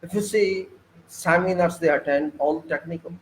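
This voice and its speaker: A man's voice: normal speed, a little hiss or hum. Indignant Indian-accented man lecturing. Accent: Indian English. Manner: emphatic, indignant, swings sharply up in pitch. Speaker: engineering consultant lecturing. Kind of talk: informal lecture. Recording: echoey room.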